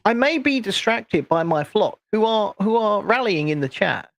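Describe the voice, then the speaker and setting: A man playing a grandiose, self-important male internet guru who talks about himself in the third person, deadpan, over a video call. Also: high-pitched, normal speed, gravelly. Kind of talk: comedic livestream chat.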